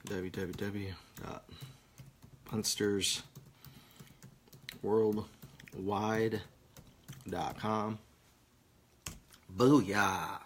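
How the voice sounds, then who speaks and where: A man's voice: on the low side, level tone, very slow, long pauses, a little hiss or hum. A stoned man reading viewer comments on a casual live stream, crude, joking and rambling. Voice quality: gravelly.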